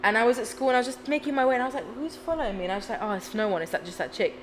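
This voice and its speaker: A woman's voice: fairly high pitch, rapid-fire. A young woman tells her stories bluntly and animatedly, acting out what others said. Her voice rings out in a reverberant room, with a faint hiss under it. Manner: blunt, lively storytelling with acted-out quotes. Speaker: guest, actor. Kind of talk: casual podcast chat.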